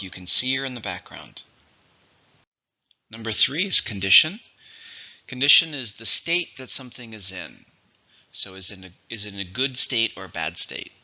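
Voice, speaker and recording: Crisp-toned man teaching vocabulary, lo-fi. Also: fairly low pitch, sharp tone. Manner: slow, deliberate, stresses each word. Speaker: English teacher. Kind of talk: scripted vocabulary lesson. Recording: dull lo-fi recording.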